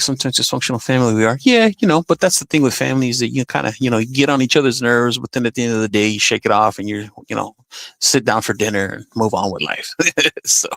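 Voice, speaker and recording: Gravelly laid-back streamer man. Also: mid-range voice, a bit bright, dry recording. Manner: laid-back, chatty, talks to chat as y'all and buddy. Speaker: live stream host. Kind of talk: casual live stream chat.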